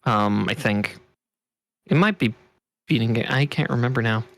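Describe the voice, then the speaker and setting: A man's voice: mid-range voice, moderate pace, vocal fry, no echo. A man hosting a casual gaming podcast, laughing often and swearing offhandedly as he chats. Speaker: podcast host.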